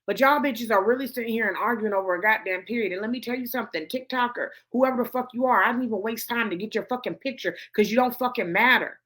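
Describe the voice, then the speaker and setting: A woman's voice: a little high, fast talker, few pauses, a bit bright. Blunt, profane woman ranting to camera. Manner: blunt and profane, heavy swearing, repeats points for emphasis. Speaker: host of a gossip commentary show.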